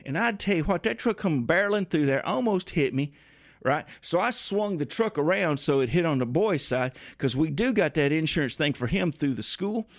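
A man spins a rambling comic yarn as a radio host, folksy and grumbling under his breath between tangents. His voice sits a bit high for a man, and the studio mic sounds close and dry. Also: animated, normal speed, no room sound. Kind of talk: comedic rambling monologue.

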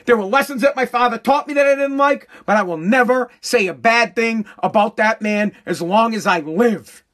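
A man delivering a profane comedic rant, loud and full of stammered repetitions. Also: very high voice, normal speed.

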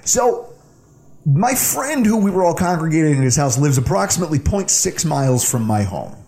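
A man's voice: on the high side, big pitch swings, normal speed, a little mellow. A man in his thirties from the Buffalo area, co-hosting a podcast and telling a funny story in a casual, laughing way. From Buffalo, New York area. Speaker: podcast co-host.

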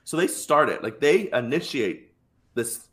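A man's voice: mid-range voice, lively intonation, a little slow, fairly bright tone. A man co-hosting a podcast, chatting casually and gushing with enthusiasm while reviewing a show. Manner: gushing and enthusiastic, with many fillers and restarts. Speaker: podcast co-host.

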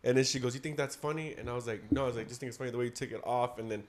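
A man's voice: medium pitch, rapid-fire. A teenage man telling a story in casual chat among friends, swearing and laughing as he talks. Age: teens.

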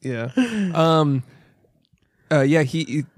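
A man co-hosting a casual comedy podcast, teasing the others in a deadpan way. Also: fairly high pitch, takes it slowly, no echo. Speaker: podcast co-host.

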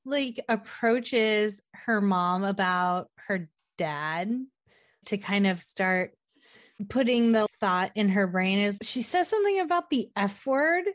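A young woman co-hosting a casual movie recap, telling the plot in a lively way and acting out the characters' lines. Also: medium pitch, slow pace, dry recording, studio quality. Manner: animated retelling, acts out character lines. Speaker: podcast co-host.

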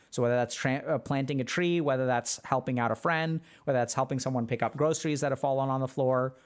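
A man hosting a casual livestream, answering chat questions in a loose, explanatory way with plenty of filler words. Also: medium pitch. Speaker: podcast host answering chat.

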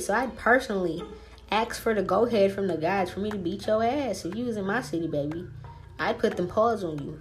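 A woman hosting a spiritual podcast alone, ranting in a brash, profane, trash-talking way. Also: mid-range voice. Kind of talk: casual solo podcast rant.

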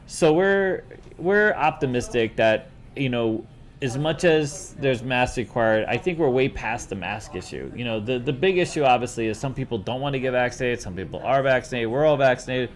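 A man's voice: mid-range voice, expressive, normal speed. Joking, rambling man, casual chat. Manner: rambling, joking, with frequent restarts. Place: based in Las Vegas.

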